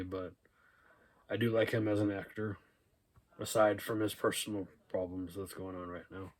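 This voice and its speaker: Low, flat-voiced guy rambling through a thrift haul. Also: a little hiss or hum. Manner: relaxed and rambling, with many "uh" and "um" fillers. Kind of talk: casual haul video, reading out DVD titles and cast lists.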